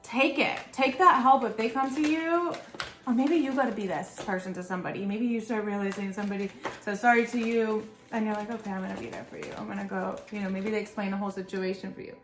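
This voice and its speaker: A woman's voice: medium pitch, steady tone, a little fast. A woman giving a casual pick-a-pile tarot reading, chatty and encouraging, talking straight to her viewers. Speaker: tarot reader. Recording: echoey room with faint background noise.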